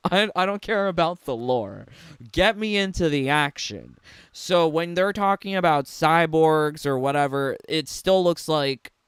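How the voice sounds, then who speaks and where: Slow, sarcastic man mocking a trailer. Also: a little high, a bit bright, clean tone, no room sound, studio quality. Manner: sarcastic and mocking, laughs often. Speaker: gaming commentator. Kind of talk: reaction commentary on a game trailer.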